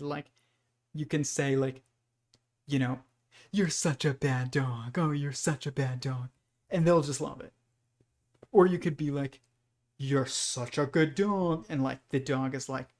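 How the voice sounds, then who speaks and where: A man thinks out loud on his own show, circling back on himself with restarts and filler words. His voice sits a little high for a man and has a gravelly, fry-laden edge. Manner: rambling, many restarts and fillers, speculative. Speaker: host. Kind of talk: casual livestream monologue.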